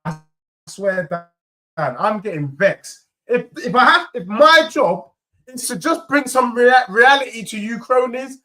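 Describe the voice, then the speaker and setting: A young man hosts a football fan stream, trading heated, teasing banter with viewers in rapid-fire bursts. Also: very high voice, lively intonation, bright, forceful tone. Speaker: football fan channel host. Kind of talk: animated live fan chat reacting to viewers.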